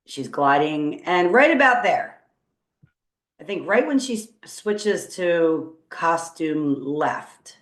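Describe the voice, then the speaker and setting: Speaking slowly in a low, expressive voice, a woman teacher talks students through an on-screen coding tutorial, thinking aloud in an upbeat, encouraging way. The recording has a roomy echo.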